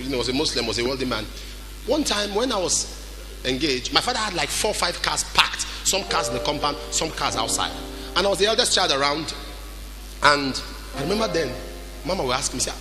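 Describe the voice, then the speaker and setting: A man preaching a sermon, moving from loud exhortation to quiet storytelling. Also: a little high, big pitch swings, fairly quick. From Nigeria. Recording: music behind the voice.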